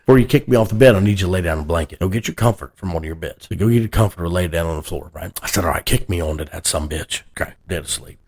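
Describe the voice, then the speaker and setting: A man's voice: very fast, hardly any pauses. Profane man telling a story. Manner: animated, profane, swings between loud bursts and low mutters. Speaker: podcast co-host. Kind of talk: casual storytelling.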